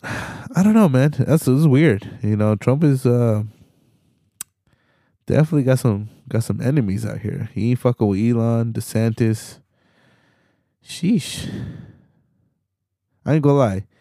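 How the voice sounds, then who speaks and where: This podcast host, a young Hispanic American man, has a medium-pitched, dark, creaky voice that is animated yet a little slow, with frequent pauses. The studio recording is clean with no room sound, and his relaxed monologue is full of slang, swearing and laughter between points.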